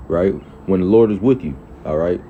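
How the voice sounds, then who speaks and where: A preacher with a deep, unhurried voice gives a casual Bible teaching, reading scripture aloud and then unpacking it in loose everyday talk full of "all right" and "okay." The audio is dull and lo-fi, with faint traffic noise behind him.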